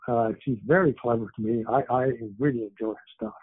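A man in his seventies talks a little fast in a mid-range voice, with slight background noise. He's an author, born in England and raised in Canada, rambling with many fillers as a guest in a casual interview over a tinny phone line.

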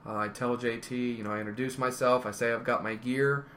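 A man's voice: medium pitch, steady tone, fairly quick, fairly bright tone, slight background noise. A man telling rambling wrestling stories in casual conversation, often correcting himself. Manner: rambling, self-correcting anecdotes. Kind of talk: casual storytelling.

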